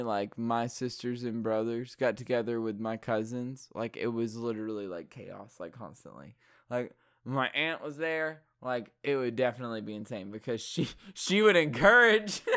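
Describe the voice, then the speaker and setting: A man's voice: medium pitch, clear, resonant tone, dry recording, clean studio sound. A young man telling a rambling story in a casual way, swearing often and breaking into laughter.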